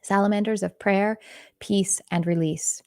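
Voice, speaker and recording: A woman with a faint Texan accent talks through a spiritual teaching in a loose, rambling way, often stopping to restart her sentences. Her voice sits at a middle pitch. The recording is dry and close, with little room sound. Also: fairly even intonation, unhurried, a little mellow, no room sound. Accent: Texan, mostly faded. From Texas. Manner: rambling, many restarts and fillers. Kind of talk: casual channeled teaching.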